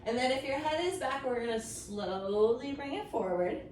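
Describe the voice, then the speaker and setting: A woman's voice: high voice, normal speed, darkish tone. A woman leading a children's yoga story time, encouraging and playful, making silly animal sounds along the way. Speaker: kids yoga instructor. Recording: roomy, from a distance, faint noise.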